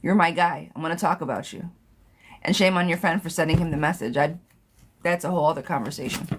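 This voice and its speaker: A woman's voice: low voice, fast, background noise. Blunt, chatty woman reading tarot live. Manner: chatty, blunt, reads questions aloud and repeats them. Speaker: tarot reader answering viewer questions. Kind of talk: casual live-stream chat.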